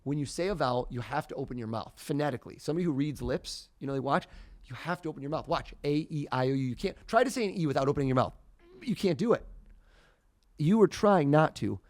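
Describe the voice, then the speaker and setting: Man, mentalist guest, theatrical, punches up to loud reveals, raised pitch. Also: fast. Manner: theatrical, rising to loud excited bursts. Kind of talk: live mind-reading performance.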